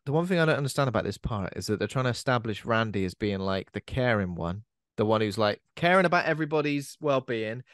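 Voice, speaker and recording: A man's voice: mid-range voice, lively intonation, fast, fairly bright tone, no room sound, clean studio sound. Chatty man recapping a film. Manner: chatty, recaps plots with lots of fillers. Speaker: podcast co-host. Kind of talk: casual film discussion.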